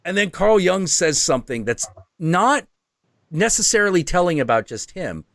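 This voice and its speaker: A man hosting a casual podcast, explaining at length with animated asides. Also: high voice, normal speed, dry recording, clean studio sound. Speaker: host.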